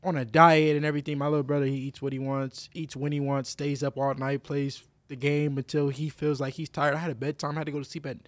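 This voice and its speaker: A man's voice: on the high side, quick pace, hardly any pauses, dry recording. Young man chatting, dry close sound. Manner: relaxed, agreeable, repeats himself. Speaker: podcast guest. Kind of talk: casual chat.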